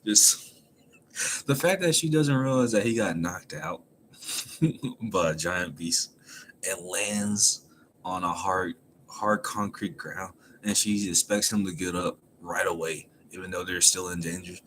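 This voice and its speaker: A man's voice: deep voice, a little slow, slight background noise. Laughing man recapping a comic chapter. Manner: animated, laughs often while retelling. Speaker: manga chapter reviewer. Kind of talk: casual recap.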